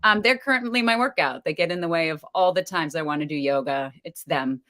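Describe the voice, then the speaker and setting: A woman in her thirties, a stage actress, telling animated stories in a casual interview, laughing now and then with plenty of ums. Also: low-pitched, brisk. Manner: animated storyteller, laughs often, lots of ums.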